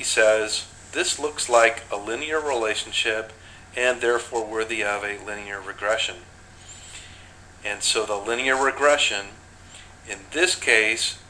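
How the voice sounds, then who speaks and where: A man giving a measured, step-by-step recorded lesson, pointing through charts as he explains. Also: medium pitch, bright, forceful tone, a little hiss or hum, rough recording. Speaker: instructor. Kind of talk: screen-recorded lecture.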